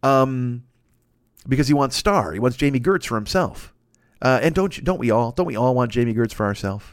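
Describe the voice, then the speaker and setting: A man's voice: medium pitch, expressive, normal speed, dry recording, studio quality. A man hosting a comedy podcast, riffing in a profane, rambling mock-rant. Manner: profane, riffing, mock-ranting with put-on voices. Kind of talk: rambling comic monologue.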